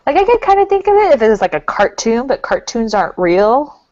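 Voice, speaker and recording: A woman's voice: a little high, sing-song, a little fast, a little mellow, no room sound. A woman co-hosting a casual talk show as the psychic, chatty and giggly. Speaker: co-host, psychic. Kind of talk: casual chat. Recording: dull lo-fi sound.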